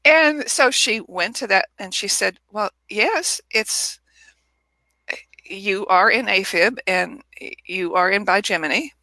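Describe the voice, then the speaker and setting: A woman guest in a casual interview, telling a personal story in an animated way and acting out the people she quotes, over a video call. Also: medium pitch, slow pace, dry recording. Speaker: author and guest.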